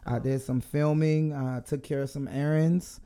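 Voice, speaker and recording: A man's voice: fairly high pitch, steady tone, measured pace, dark tone, clean tone. A man co-hosting a podcast in casual chat, joking and easygoing. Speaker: podcast co-host.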